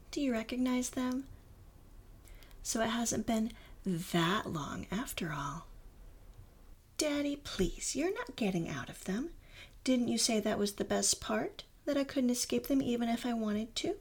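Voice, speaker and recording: A young woman in a whispered role-play, talking softly and slowly in a teasing way, close to the mic, with a breathy voice. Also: a little high. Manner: soft, slow and teasing, dropping often into whispers.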